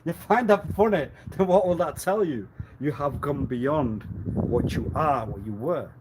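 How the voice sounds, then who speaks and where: A man's voice: mid-range voice, unhurried, a little mellow, slight background noise, poor audio. A man in a rambling live-stream monologue, lecturing with repeated rhetorical questions, laughing often and repeating himself. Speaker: livestreamer.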